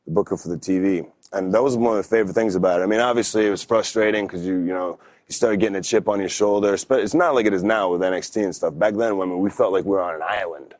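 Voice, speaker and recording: A low, deep-voiced man in his thirties spins a long story in a relaxed, meandering way. He keeps starting over and piling up fillers. The sound is dry and close. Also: fast talker, no echo. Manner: laid-back, rambling, lots of fillers and restarts. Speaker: wrestler, podcast guest. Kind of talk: casual storytelling interview.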